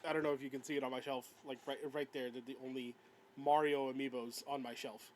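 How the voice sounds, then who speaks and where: A man's voice: medium pitch, little pitch movement, fast talker, darkish tone, slight background noise, poor audio. A man co-hosting a podcast, chatting about games in a rambling way with frequent stammers and giggles. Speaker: podcast co-host. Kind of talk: casual gaming chat.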